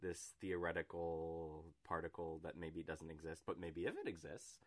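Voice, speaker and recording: A man's voice: sits low, moderate pace. A man hosting a podcast, chatting casually and playfully about science and beer. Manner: playful, tries a silly put-on voice while joking about beer. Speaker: podcast host.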